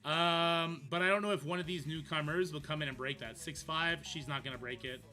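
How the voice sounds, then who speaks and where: A man's voice: a little high, fairly even intonation, fairly quick, pushed and bright. A man, chatting casually and rambling goofily on a game livestream. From Canada. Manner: goofy and rambling, laughs easily. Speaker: mobile game streamer.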